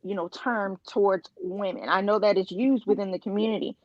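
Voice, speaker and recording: A woman on a discussion panel makes her points with emphasis and an earnest insistence, often restarting her sentences. Her voice sits at a middle pitch. The recording is dry and a little dull. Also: fairly even intonation, brisk, dry recording. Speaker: panel guest.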